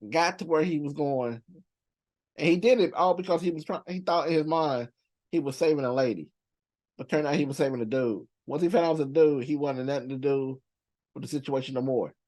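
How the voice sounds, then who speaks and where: Brief: male reaction-channel host, slightly higher voice, loose profane countdown banter with frequent laughs. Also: brisk. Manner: animated, laughing, profane slang. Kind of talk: casual countdown commentary.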